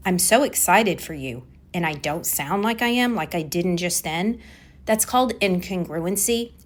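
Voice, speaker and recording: A woman hosting a solo coaching podcast on communication, talking with energy and stressing key words by repeating them. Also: lowish voice.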